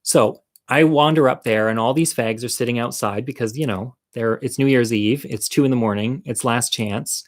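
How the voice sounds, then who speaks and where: A man's voice: mid-range voice, normal speed, few pauses. A man telling a comic personal story in a casual monologue, campy and candid, with chatty, self-deprecating asides to the viewer.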